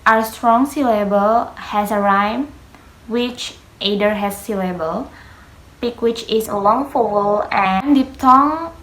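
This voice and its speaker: A young woman whose first language is Indonesian, a student giving a class presentation on pronunciation, slow and halting, carefully spelling out words. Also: medium pitch, fairly bright tone. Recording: echoey room.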